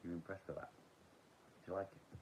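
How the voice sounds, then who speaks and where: A man's voice: low-pitched, brisk, darkish tone, slight background noise, low-quality recording. A man in his forties chatting casually on a live stream, rambling, swearing freely and answering his viewers. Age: 40s.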